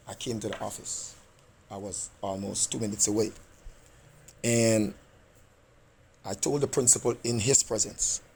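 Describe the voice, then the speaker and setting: A man's voice: fairly low pitch, a little mellow, slightly rough. A man who is a parent and coach, insistently arguing his case in a meeting with school staff and often checking in with "right?".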